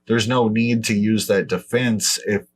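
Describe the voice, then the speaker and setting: Male podcast host, lowish voice, blunt and profane, dismissive in casual debate. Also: fairly even intonation, measured pace.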